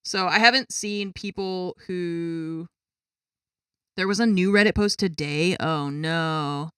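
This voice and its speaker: A woman's voice: fairly low pitch, lively intonation, slow, a bit bright, clean tone, dry recording, studio quality. A woman streamer chatting casually to her viewers at her gaming desk at home, exasperated and swearing freely. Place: home gaming setup with a cat.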